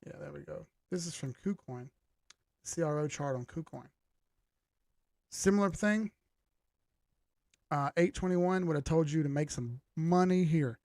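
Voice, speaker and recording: A man's voice: on the high side, measured pace, long pauses, a little mellow, dry recording, clean studio sound. A man hosting a casual livestream about charts, loose and joking as he reads chat, his voice strained and starting to crack. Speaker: host of a live chart analysis stream.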